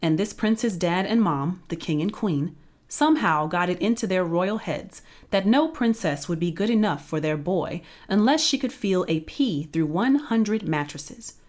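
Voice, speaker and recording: A woman reading a children's picture book aloud in a playful, expressive storytelling voice. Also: on the low side, measured pace.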